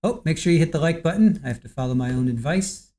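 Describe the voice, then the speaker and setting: This is a livestream host in casual chat, easygoing and chatty, working through viewer names one after another. The voice is mellow and dark, sitting at a middle pitch. The delivery is relaxed and unhurried.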